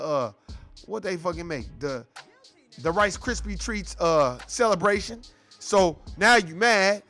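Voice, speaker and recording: A man's voice: high voice, a bit bright. A man hosting a commentary show, ranting in a profane, heated and mocking way. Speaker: show host.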